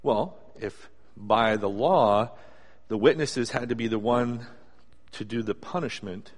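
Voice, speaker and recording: A man preaching a sermon in a conversational, animated storytelling way, acting out asides as he goes. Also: mid-range voice, measured pace, slightly rough. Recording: long hall reverb.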